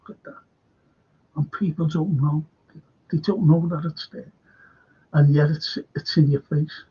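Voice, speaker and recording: Man hosting a live stream, husky and fairly high-pitched, casual and rambling, dull lo-fi stream audio. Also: steady tone, measured pace, pauses often. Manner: meandering, often drops to a near-whisper. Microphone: webcam or desk mic on a live stream.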